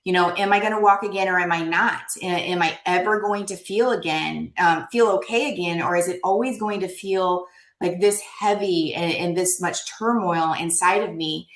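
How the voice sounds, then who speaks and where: A woman's voice: lowish voice, normal speed, roomy sound, poor audio. A woman giving an emotional, earnest keynote talk over a video call, often repeating words. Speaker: keynote speaker.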